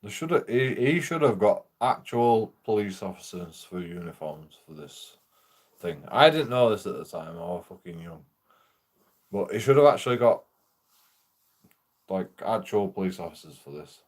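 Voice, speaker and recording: A man's voice: on the low side, lively intonation, normal speed. A man casually telling a rambling, profane story while streaming a game, laughing often.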